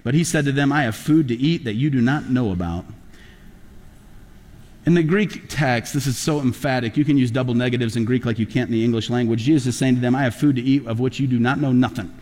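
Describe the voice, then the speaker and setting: Animated preacher man in a reverberant hall. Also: mid-range voice, fast talker. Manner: animated storytelling preacher, rising to emphatic peaks. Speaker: pastor. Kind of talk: sermon.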